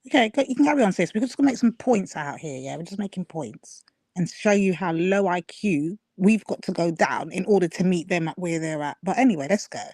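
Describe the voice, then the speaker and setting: A man's voice: high voice, animated, brisk, darkish tone. A man hosts a show and comments on a clip, mocking and emphatic, full of casual street slang. His voice sounds dry and close, with no room echo. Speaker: show host.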